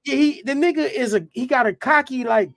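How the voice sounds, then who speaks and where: A man, a guest rapper, telling a profane, animated anecdote in casual talk. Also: extremely high pitch, brisk, vocal fry, crowd noise. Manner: profane, animated, repeats "you know what I'm saying".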